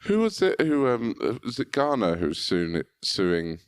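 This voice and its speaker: A man co-hosting a podcast, chatting in a relaxed way with quick asides and laughs. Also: on the low side, smooth, no room sound. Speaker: podcast co-host. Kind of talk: casual banter.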